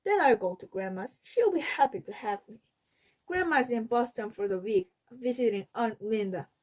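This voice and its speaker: A woman's voice: on the high side, lively intonation, moderate pace, a little mellow. A woman reading a storybook aloud, voicing a stubborn, indignant older boy with emphatic, raised delivery. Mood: defiant.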